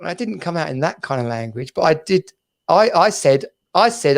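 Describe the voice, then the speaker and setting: A man's voice: on the high side, expressive, moderate pace, creaky. A man from England hosting a podcast over a video call, chatting in a bouncy, laughing way. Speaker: podcast host. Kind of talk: casual chat.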